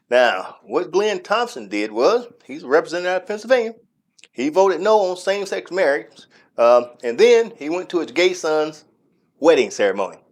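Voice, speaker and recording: A man hosting a church news segment, giving opinionated commentary and talking straight to his audience with scornful asides. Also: mid-range voice.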